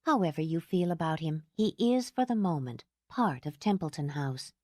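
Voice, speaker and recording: A woman's voice: sits low, sing-song, normal speed, darkish tone, dry recording, clean studio sound. A woman reading an audiobook, voicing a tired, kind young mother who speaks reasonably. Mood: weary.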